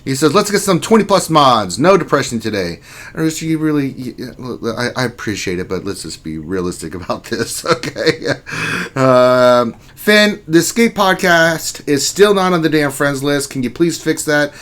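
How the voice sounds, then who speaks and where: A man with a mid-range voice runs a relaxed lunchtime livestream. He greets viewers one by one and reads their chat messages aloud. He keeps it jokey and laid-back, with the odd casual curse thrown in. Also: medium pitch, moderate pace. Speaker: livestream host.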